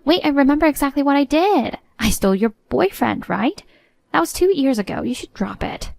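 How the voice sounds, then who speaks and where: Storybook voice: woman doing a spoiled, scheming kid sister, smug and mocking, slightly high, dry recording. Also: animated, brisk, creaky, darkish tone, dry recording. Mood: smug taunting.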